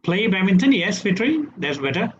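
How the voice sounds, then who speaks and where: A man's voice: high voice, sing-song, normal speed. A man with a Malaysian English accent teaching English grammar in an online webinar, checking in with "right?" after each point. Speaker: English trainer. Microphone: webinar computer mic. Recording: dull lo-fi webinar audio.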